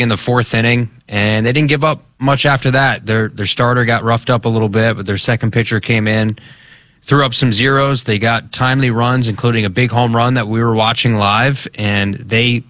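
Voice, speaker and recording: A man's voice: medium pitch, steady tone, moderate pace, fairly bright tone, dry recording. Wry, joking man talking sports. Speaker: radio sports show co-host. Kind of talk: casual sports talk.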